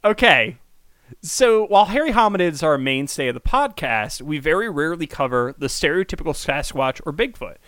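A man's voice: on the high side, animated, fairly quick, a bit bright, clean tone, no room sound. A man co-hosting a podcast in casual, rambling chat with lots of ums. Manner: chatty, rambling with many ums. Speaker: podcast co-host.

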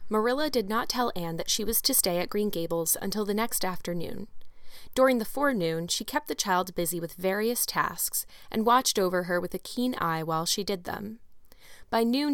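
A woman hosting a book-club podcast and reading a classic novel aloud in a measured, even way. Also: mid-range voice, no echo, clean studio sound. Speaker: audiobook reader and podcast host. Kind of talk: scripted narration of a classic novel.

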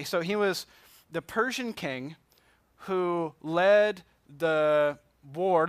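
A man's voice: fairly high pitch, fairly bright tone, no echo. A man teaching a Bible class from slides, talking casually and asking the class questions. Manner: conversational, asks the class questions.

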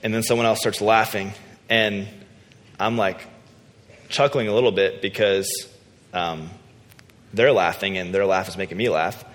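A man preaching a sermon in a relaxed, conversational, self-deprecating storytelling way. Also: on the low side, measured pace, long pauses. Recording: long hall reverb.

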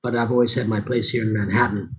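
Hoarse middle-aged voice actor, casual and rambling, muffled lo-fi sound. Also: male voice, fairly low pitch, fairly even intonation, quick pace, a bit bright. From Chicago, USA. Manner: rambling, with frequent restarts. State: sore throat. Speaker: voice actor and audiobook narrator. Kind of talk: casual conversation.

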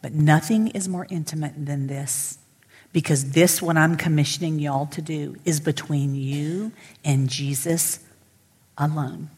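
A middle-aged woman pastor preaches to a women's gathering. Her husky voice sits fairly low and shifts from emphatic to whispered. Long reverb from a church hall rings after her words. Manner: emphatic, swings from loud to whispered. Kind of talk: sermon to women. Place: church sanctuary.

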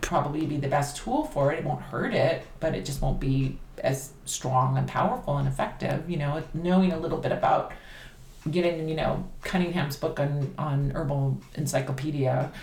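A woman talking casually on a podcast about candle magic, chatty and animated. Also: deep voice, normal speed. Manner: chatty, animated, laughs easily. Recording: roomy echo, faint background noise.

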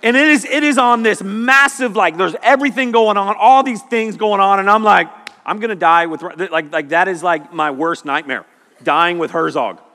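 A middle-aged man preaching and telling jokes as a youth pastor, full of animated stories. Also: high voice, normal speed. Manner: animated, joking storyteller. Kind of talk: sermon. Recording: long hall reverb.

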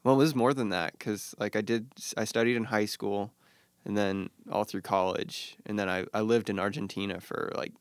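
A man's voice: on the low side, fairly even intonation, dry recording, studio quality. A man talking easily in a casual chat, recalling his move after school. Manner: easygoing, quick agreeing replies.

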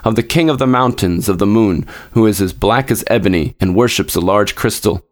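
A man narrating a classic fairy tale aloud in a measured, expressive storybook reading. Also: fairly low pitch.

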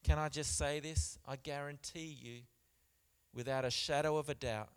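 A man preaching a sermon in church, stressing points with repeats and swinging between loud and soft. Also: on the high side, fairly even intonation, moderate pace, clean tone. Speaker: pastor.

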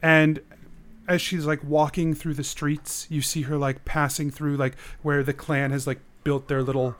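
A man with a slightly high voice runs a tabletop game as game master. He narrates in a casual way with many fillers. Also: little pitch movement, a little slow.

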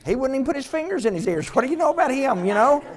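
A man's voice: very high-pitched, sing-song, very fast. An older man preaching a sermon as pastor, conversational and joking, firing off rhetorical questions.

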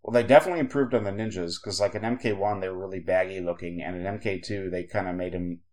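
A man's voice: low-pitched, quick pace, a little mellow. A man co-hosting a podcast, chatting casually and rambling with lots of fillers. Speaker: podcast co-host. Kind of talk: casual chat.

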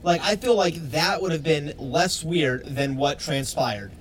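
A man's voice: on the high side, expressive, unhurried, slight background noise. Wry, conversational man podcast co-host. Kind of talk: casual podcast chat.

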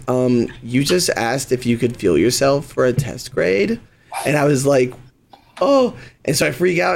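A young man, a podcast co-host, telling a story in casual chat and acting out the people in it. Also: mid-range voice. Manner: animated storyteller, acts out quoted voices.

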